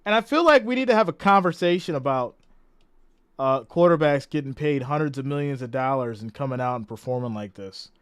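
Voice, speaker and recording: A man's voice: mid-range voice, expressive, fairly quick, a bit bright, clear, resonant tone, no echo, studio quality. A man giving casual play-by-play on a live stream, reading and greeting viewer comments as he goes. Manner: chatty, reads out viewer comments and greets them.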